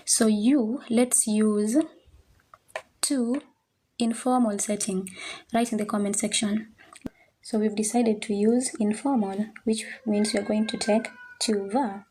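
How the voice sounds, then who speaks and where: A woman teaches at a board with a mellow, soft-edged voice. She speaks slowly and patiently, repeating each word so learners can follow along. Her delivery is unhurried and methodical. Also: medium pitch, steady tone, a little hiss or hum. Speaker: French teacher. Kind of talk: slow classroom explanation at a board.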